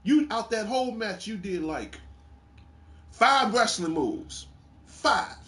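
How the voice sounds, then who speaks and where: This gaming show host speaks slowly in a high voice while spinning animated wrestling game tales. The chat is casual, full of laughter and free swearing.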